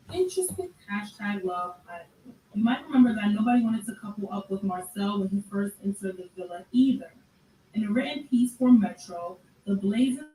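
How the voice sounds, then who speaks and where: A woman giving casual commentary in a sarcastic, conversational way, with drawn-out asides. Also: mid-range voice, warm tone. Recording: echoey room, distant mic, faint noise.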